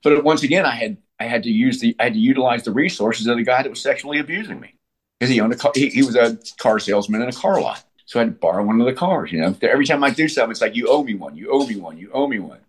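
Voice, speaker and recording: A man's voice: medium pitch, animated, racing, husky. A man in his sixties telling his story as an interview guest, blunt and profane, often restarting his sentences. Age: 60s. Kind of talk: candid conversational storytelling.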